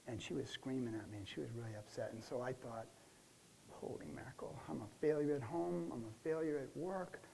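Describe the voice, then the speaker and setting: A stressed client stumbles through his story, full of restarts and trailing fillers, as a man plays him in a counseling role-play. His voice is warm and dark, and a faint hiss sits under it. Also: medium pitch, vocal fry, natural voice, low-quality recording. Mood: rattled. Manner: halting, many restarts and fillers. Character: stressed middle-aged man recounting a relapse.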